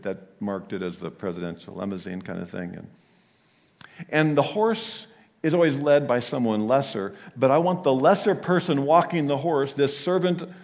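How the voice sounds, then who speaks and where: A man preaching a sermon, telling the story with animated delivery and frequent chuckles. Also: medium pitch, gravelly, long reverb tail.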